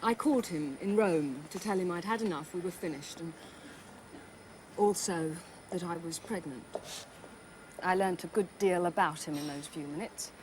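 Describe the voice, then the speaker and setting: An actress playing a betrayed, pregnant wife in a television crime drama, speaking in a clipped, cool and defensive way. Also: female voice, fairly low pitch, moderate pace, a little mellow, slight background noise, close to an everyday voice. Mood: cold. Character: cold, bitter betrayed wife, woman. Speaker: pregnant wife of a murdered man.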